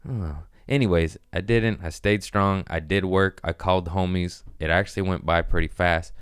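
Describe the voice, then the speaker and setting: Man, podcast host, very low voice, smooth, dry close mic, casual profane storytelling. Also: steady tone, normal speed, dry recording. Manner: profane, laid-back, slangy storyteller.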